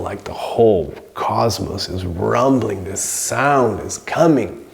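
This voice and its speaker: A man's voice: low voice, gravelly. A man teaching a spiritual story in a casual, rambling way, full of fillers. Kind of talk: storytelling lesson.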